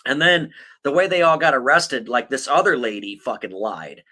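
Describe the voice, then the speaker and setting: A man's voice: mid-range voice, sing-song, normal speed, sharp tone. A man hosting a podcast, chatting casually about true crime in a blunt, profane, mocking way, rambling with lots of fillers. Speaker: podcast host.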